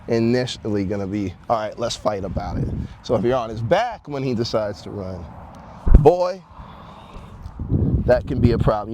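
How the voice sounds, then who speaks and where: A man talks in a relaxed, easygoing way, slipping into casual slang as he explains how he cares for his horse. His voice sits at an ordinary middle pitch. Clear outdoor noise from around the stable runs underneath. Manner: laid-back, casual slang, soothing horse talk. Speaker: horse owner showing his horse. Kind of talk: casual vlog talk.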